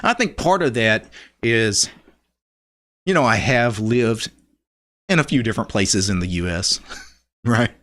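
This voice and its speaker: A man's voice: on the low side, lively intonation, measured pace, long pauses, a bit bright. A middle-aged man from Louisiana with a Louisiana accent, hosting a casual live stream, chatting loosely, laughing often and reading viewer comments aloud.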